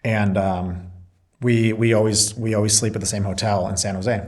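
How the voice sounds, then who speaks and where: A man's voice: fairly low pitch, little pitch movement, moderate pace. A man being interviewed, a Marine reservist and business owner, telling a story in casual chat and acting out both sides of the dialogue.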